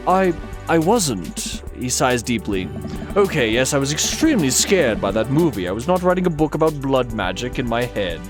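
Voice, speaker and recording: A man's voice: mid-range voice, sing-song, moderate pace, lightly acted. A man voicing a formal, melancholy gothic man from a dating game, with theatrical, old-fashioned diction, read aloud on a live stream. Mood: confessing. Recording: game music playing behind.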